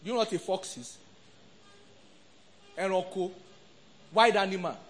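A high-voiced, middle-aged man with a Nigerian accent preaches at a measured pace, a little hiss or hum audible. This pastor animatedly calls and responds with his congregation and imitates the voices he quotes.

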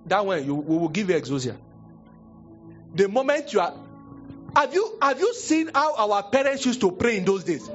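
Animated Nigerian pastor, lively high voice. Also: male voice, brisk, lo-fi sound, faint music behind. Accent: Nigerian, Yoruba-speaking. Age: young adult. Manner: animated storytelling, acting out voices, sudden high exclamations. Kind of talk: sermon.

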